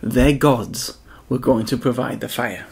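Gravelly-voiced man telling a children's story. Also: mid-range voice, unhurried. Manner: expressive, addresses children directly. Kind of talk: children's Bible story narration.

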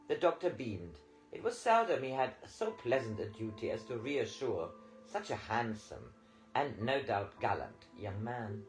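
A man reading a novel aloud as an audiobook narrator, with lively storytelling. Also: mid-range voice, a little slow, rough recording. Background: faint guitar music.

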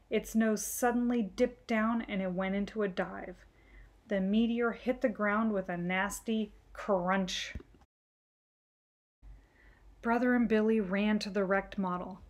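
A woman reading a children's picture book aloud in a gentle, clear storytelling manner. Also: medium pitch. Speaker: storytime reader.

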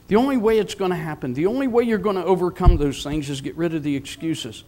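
High-voiced older male preacher. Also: quick pace, hardly any pauses, a little mellow. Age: 70s. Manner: emphatic, repetitive preaching with call-and-response. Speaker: pastor. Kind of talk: sermon.

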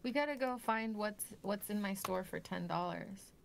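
A woman's voice: medium pitch, normal speed, gravelly, noisy background. Playful young woman streaming a game. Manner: laughs often, playful. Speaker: VTuber streamer. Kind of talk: casual game-stream chat.

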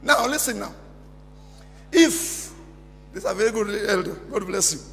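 A man preaching a sermon as pastor, calling out to the congregation and often shouting. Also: sits high, expressive, moderate pace, creaky, faint music behind. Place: church hall. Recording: reverberant church hall.

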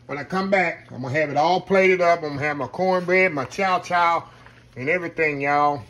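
A man's voice: fairly high pitch, fairly quick, fairly bright tone, slight background noise. A man, chatting casually as he cooks at home and calls his viewers "y'all". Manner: folksy, talks to viewers as y'all. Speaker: home cook. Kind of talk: casual cooking video chat.

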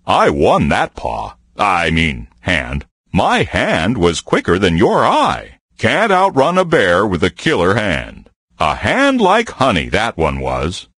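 A man voicing a friendly, folksy male bear card player in game voice clips, joking and breaking into high excited yelps. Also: slightly rough, no echo, full character voice. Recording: dry close studio voice.

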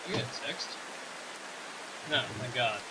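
A man's voice: medium pitch, expressive, measured pace, very noisy. A man giving joking let's play commentary, swearing and talking back to the game's characters. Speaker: gameplay commentator.

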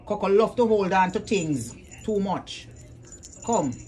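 A woman's voice: medium pitch, unhurried, mellow, a little hiss or hum. Woman coaxing her cats. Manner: coaxing, sing-song, repeats commands. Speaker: vlogger. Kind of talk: casual talk to her cats.

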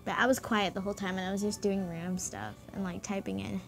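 A woman's voice: a little high, fairly even intonation, fairly quick, faint music behind. A young woman rambling and giggling as she chats through her game recording. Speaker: gaming vlogger. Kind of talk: casual chat while playing a game.

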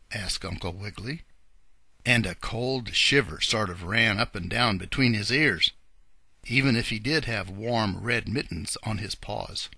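A man reading a children's storybook aloud in an expressive, animated way. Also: on the low side, unhurried, slightly rough, no room sound. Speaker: audiobook reader. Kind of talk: scripted narration of a children's story.

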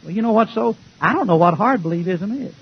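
Brief: male preacher, high and husky, folksy, joking, sometimes shouting, old lo-fi church tape. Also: animated, quick pace. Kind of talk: fiery sermon. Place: church before a congregation.

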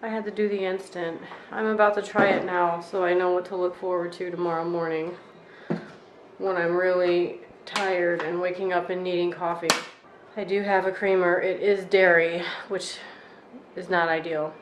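A woman with a somewhat low voice talks casually to her viewers from her kitchen, wry and a little exasperated. Her tone stays chatty and offhand, and a faint hum of room noise sits behind her. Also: little pitch movement, moderate pace. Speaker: vlogger. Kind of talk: casual vlog chat. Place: home kitchen.

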